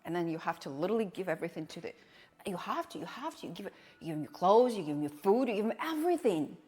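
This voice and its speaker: A woman's voice: on the low side, animated, rapid-fire, dark tone, long reverb tail. A young adult woman streaming and chatting casually with viewers, telling blunt stories with plenty of swearing. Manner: blunt, swears freely, storytelling.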